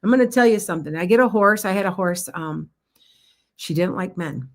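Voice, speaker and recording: A woman's voice: fairly low pitch, brisk. A middle-aged woman, a psychic tarot reader chatting through a live-stream reading in a rambling way, with laughs and restarts.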